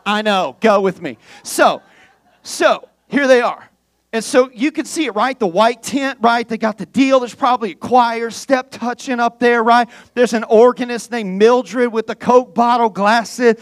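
A man with a high, light voice preaching a sermon as a guest pastor. He tells the story with humor and slips into the voices of the characters he describes. The sound is dry and close, with no room around it. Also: normal speed, no room sound.

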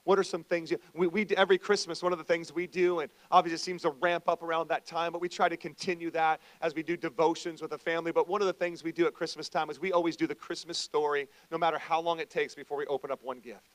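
A man with a notably high voice preaches to his congregation. His delivery is conversational, shifting between quiet, reflective passages and loud, emphatic calls. The sound is dry and close, with no room around it. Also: flat delivery, fast, hardly any pauses, no echo, rough recording. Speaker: pastor. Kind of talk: sermon.

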